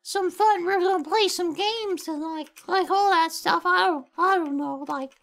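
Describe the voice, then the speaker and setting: A man's voice: extremely high pitch, measured pace, fairly bright tone, pitched above the performer's own voice, full character voice. A man doing an impression of a fellow streamer, sounding chipper, whiny and stammering. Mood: flustered. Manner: overly upbeat turning whiny and stammering. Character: impression of a fellow streamer, cheerful then deflated.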